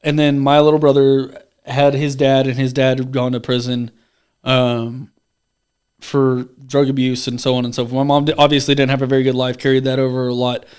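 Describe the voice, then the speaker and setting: A man's voice: mid-range voice, little pitch movement, brisk, darkish tone, clean tone. A young man hosting a podcast, chatting casually, rambling and swearing freely. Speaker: podcast host. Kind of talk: casual chat.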